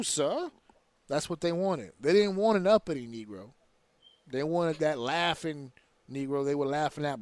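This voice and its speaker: A man's voice: fairly high pitch, dry recording. A man hosting a podcast, giving casual wrestling commentary as a heated, profane rant full of slang. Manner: slips into slang and mimicked voices. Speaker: podcast host.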